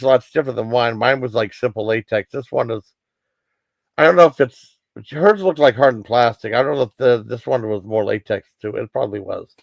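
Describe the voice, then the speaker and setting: A man's voice: mid-range voice, vocal fry, no room sound. Rambling man recapping a movie. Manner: rambling, full of fillers and quoted lines. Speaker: streamer reviewing a movie. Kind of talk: casual livestream movie recap.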